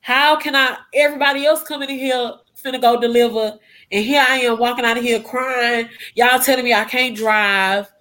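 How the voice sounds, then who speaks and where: A woman's voice: fairly high pitch, fairly even intonation, moderate pace, sharp tone. A young adult woman, a guest, emotionally retelling a personal story and acting out what people said. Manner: emotional retelling with acted-out quotes.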